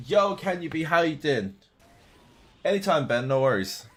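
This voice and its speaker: A man's voice: a little high, big pitch swings, moderate pace, fairly bright tone. A young man chatting casually on a live stream from his room at home, answering viewers' questions with frequent restarts. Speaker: game streamer.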